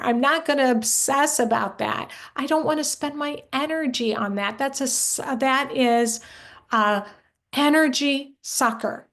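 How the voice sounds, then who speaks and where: Earnest woman coaching moms, fairly high voice. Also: a little slow, fairly bright tone. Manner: earnest, encouraging, talks straight to listeners with questions. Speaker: workshop leader and coach for moms. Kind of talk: live online workshop talk.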